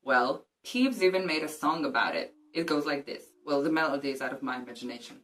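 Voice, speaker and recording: A woman's voice: sits low, lively intonation, quick pace, a bit bright. A woman vlogger casually discussing a book and reading passages aloud, with joking, cheeky asides.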